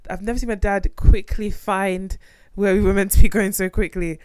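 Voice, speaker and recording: A woman podcast co-host from a second-generation Nigerian immigrant family, chatting casually about a documentary in a blunt, animated way and swearing freely. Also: mid-range voice, normal speed, clear, resonant tone, no echo. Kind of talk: casual chat reviewing a documentary.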